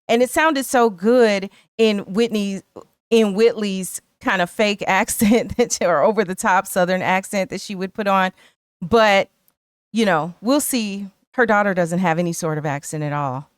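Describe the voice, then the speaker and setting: A woman's voice: mid-range voice, measured pace, smooth, no room sound, studio quality. A middle-aged woman co-hosting a podcast, chatting casually and thinking aloud with lots of "you know.". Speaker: podcast co-host. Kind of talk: casual chat.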